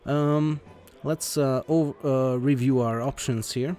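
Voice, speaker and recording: A man with a soft, mellow voice talks through a computer game as he plays. He reads its text aloud without doing voices and stumbles often, filling pauses with "uh". Quiet game music sits faintly underneath. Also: mid-range voice, fairly even intonation. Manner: hesitant, halting with many uh fillers and restarts; plain reading without character voices. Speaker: let's play host. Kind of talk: gameplay commentary, reading game text aloud.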